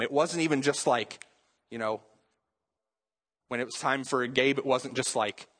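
A man's voice: mid-range voice, steady tone, normal speed, fairly bright tone, slightly rough. A young adult man, a pastor, preaching a sermon in a casual, conversational way with joking asides.

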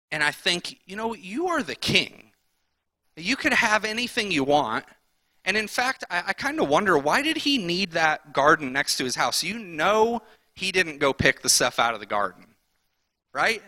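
Bright-voiced man preaching casually. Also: high-pitched, big pitch swings, no room sound. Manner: conversational, acts out characters in quick voices. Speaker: pastor. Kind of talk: sermon.

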